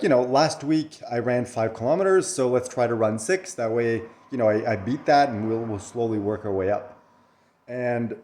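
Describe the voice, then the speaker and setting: A man's voice: mid-range voice, a little mellow. A man talking earnestly and reflectively in a personal vlog, coughing now and then after a run and swearing casually. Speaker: vlogger.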